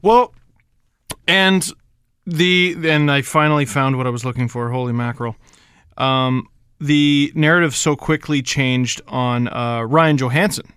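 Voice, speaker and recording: A man co-hosting a hockey podcast in casual chat, animated and sarcastic, quick to joke. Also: mid-range voice, clear, resonant tone, no echo, studio quality. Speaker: podcast co-host.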